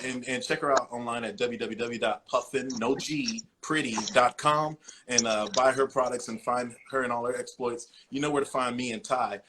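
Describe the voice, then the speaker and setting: A man's voice: medium pitch, fairly bright tone. A male host with an ordinary mid-range voice speaks earnestly and with emphasis as he closes out his show. A faint hiss sits under the call audio. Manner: earnest, emphatic, a bit rambling. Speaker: podcast host. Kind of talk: casual show wrap-up and commentary.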